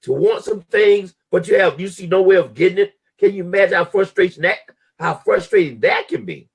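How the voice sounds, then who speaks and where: Man, middle-aged, husky, slightly high pitch, motivational speaker, emphatic and preacher-like. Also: brisk. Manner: emphatic preacher-like delivery with big pitch swings. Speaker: guest speaker. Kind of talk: motivational talk. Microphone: live stream call audio.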